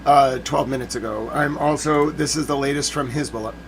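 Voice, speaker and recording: A man's voice: medium pitch, steady tone, moderate pace, vocal fry, slight background noise. Nervous man hosting live news stream. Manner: anxious, repeats himself, greets chat by name. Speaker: livestream news commentary host. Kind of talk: live news commentary for chat viewers.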